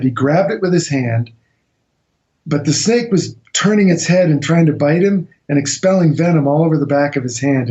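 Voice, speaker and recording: A man with a somewhat high voice tells a jungle tale as a guest on a radio show. He tells it as a lively anecdote and slips into other people's lines as he goes. The sound comes through a dull, lo-fi line. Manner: animated anecdotal storytelling, acts out quotes. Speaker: guest author recounting an expedition. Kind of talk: storytelling in a radio interview.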